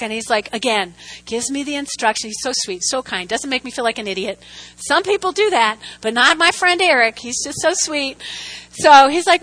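Woman, preacher, high voice, sermon, funny storytelling, call-and-response with the congregation. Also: brisk, rough recording. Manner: animated, humorous storytelling with audience call-and-response.

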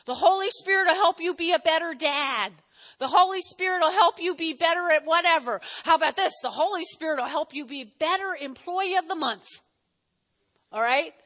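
Woman pastor, middle-aged, New Jersey accent, animated sermon delivery, high bright voice, reverberant church hall. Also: moderate pace. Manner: lively, animated preaching with audience call-and-response.

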